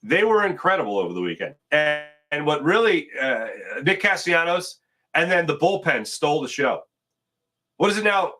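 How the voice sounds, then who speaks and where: A male sports-talk host on a live morning stream, reading out viewer comments in a loose, conversational way. His voice sits a bit high and moves around a lot, rising and falling as he reacts. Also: moderate pace. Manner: animated, chatty, reads sponsor spots and viewer comments.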